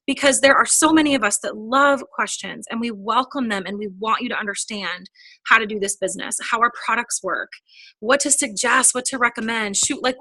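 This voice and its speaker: A woman's voice: a little high, pushed and bright, no echo. A woman in her thirties giving a chatty, upbeat sales training talk, often acting out quoted conversations. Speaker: direct sales team trainer. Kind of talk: casual motivational training talk.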